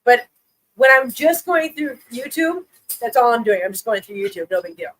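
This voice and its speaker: A woman's voice: fairly high pitch, very animated, normal speed, fairly bright tone, low-quality recording. A woman hosting a casual live stream who chats with viewers, laughs often and coos baby talk at her cats.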